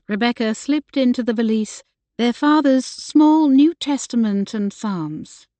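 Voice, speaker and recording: A woman reading an audiobook with measured, even storytelling, close to a studio mic. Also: mid-range voice, no room sound. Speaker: audiobook narrator. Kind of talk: scripted narration.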